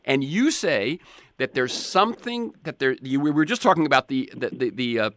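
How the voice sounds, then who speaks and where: A man's voice: mid-range voice, animated, normal speed, a bit bright. A man in his seventies hosting a podcast interview, telling stories in a rambling way with frequent restarts. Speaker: podcast host. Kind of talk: conversational interview.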